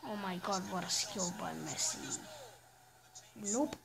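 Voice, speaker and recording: A woman's voice: medium pitch, slow, gravelly, crowd noise, poor audio. A woman giving casual commentary over a soccer video game, chatting and reacting aloud to each play. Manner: chatty, reacts aloud to plays, often trails off. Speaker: gaming channel host.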